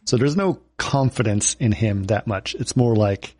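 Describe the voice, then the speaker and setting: A man's voice: on the low side, measured pace, warm tone, slightly rough, dry recording. A man casually retelling film scenes as a podcast co-host, rambling and laughing, on a call mic.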